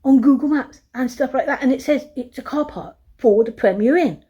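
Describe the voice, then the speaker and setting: A woman's voice: high-pitched, normal speed, warm tone, husky, highs cut off. A woman vlogging from a hotel room on her phone, swearing a lot as she complains and then gives a room tour. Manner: exasperated, swears often, talks to camera. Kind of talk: casual vlog rant and room tour. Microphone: phone camera.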